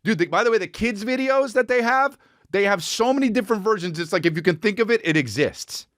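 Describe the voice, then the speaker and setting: A man's voice: high voice, lively intonation, fast talker, fairly bright tone, no room sound, clean studio sound. A man hosting his own podcast, telling rambling, profane comic stories and imitating voices and sounds along the way. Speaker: podcast host. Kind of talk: casual comedic monologue.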